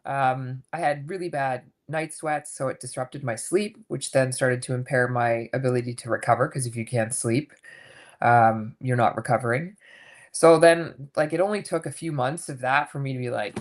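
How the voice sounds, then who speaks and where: A woman in her fifties with a low voice talks openly and casually in a podcast interview. She tells her story in a lively way and acts out the lines of others. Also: normal speed. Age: 50s. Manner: candid, animated storytelling with acted quotes. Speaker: guest coach.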